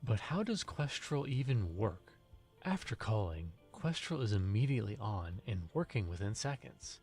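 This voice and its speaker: A man doing a mock infomercial announcer in a hushed sales-pitch delivery. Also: big pitch swings, normal speed, husky, faint music behind, exaggerated voice. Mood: salesy. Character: adult male infomercial announcer.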